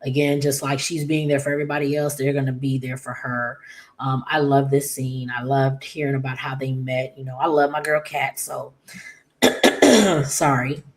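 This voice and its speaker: A woman casually recapping a soap opera episode, chatty and loose, with many fillers and throat clears, getting animated when quoting characters. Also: a bass voice, moderate pace.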